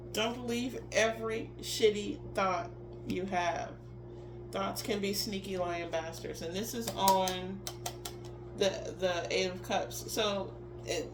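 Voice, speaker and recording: A woman's voice: mid-range voice, noisy background. Blunt, profane woman in an echoey room. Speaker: tarot reader. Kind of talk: casual spiritual pep talk. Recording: roomy echo with faint ambience.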